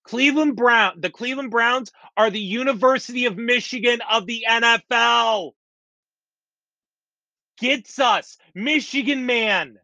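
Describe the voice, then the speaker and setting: Exasperated high-voiced man ranting. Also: moderate pace, few pauses, sharp tone, dry recording, highs cut off. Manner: exasperated, repetitive, blunt. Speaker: sports podcaster. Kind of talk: ranting sports commentary.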